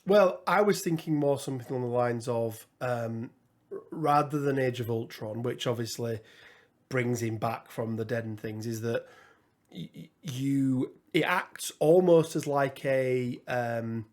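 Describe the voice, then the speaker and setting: A man's voice: medium pitch, measured pace, a little mellow. Man musing in casual gaming chat. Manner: musing, thinks aloud with frequent restarts and fillers. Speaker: podcast co-host.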